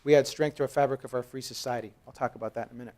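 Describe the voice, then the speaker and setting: A man's voice: medium pitch, rapid-fire. A man in his thirties from Canada giving a conversational, storytelling keynote talk at a conference as a company co-founder. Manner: lively, conversational, acts out dialogue with raised voice. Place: conference hall.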